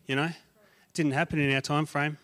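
A man preaching a sermon as a guest speaker in a conversational way, his voice rising and growing loud on emphatic lists and dropping quiet on asides. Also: a little high, flat delivery, moderate pace.

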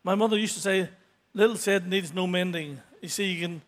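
Earnest sixties man with a raised voice. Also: high voice. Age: 60s. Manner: halting, many restarts and fillers; earnest, grows emotional toward the end. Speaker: church member giving testimony. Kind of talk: unscripted testimony. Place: church.

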